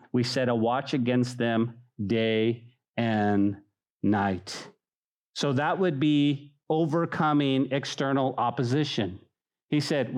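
Animated preacher man. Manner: animated, acts out mocking voices with high pitch; conversational, addresses listeners as "guys". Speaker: pastor. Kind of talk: sermon.

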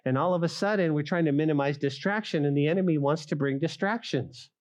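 A middle-aged male pastor preaching a sermon, speaking straight to the congregation and rising loud for emphasis. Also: on the high side, fast talker. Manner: acts out quoted voices of listeners.

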